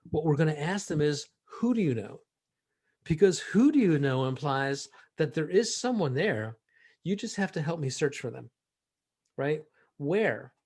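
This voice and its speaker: Guy teaching a sales workshop, kinda high voice, keeps switching loud and soft to show the tricks. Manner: animated, shifts volume and pace to demonstrate. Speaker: sales trainer. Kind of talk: training presentation.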